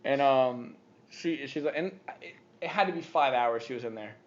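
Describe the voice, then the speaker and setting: A man co-hosting a casual podcast, telling a rambling story with lots of laughs and animated retelling. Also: medium pitch, moderate pace, dull audio. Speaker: podcast co-host.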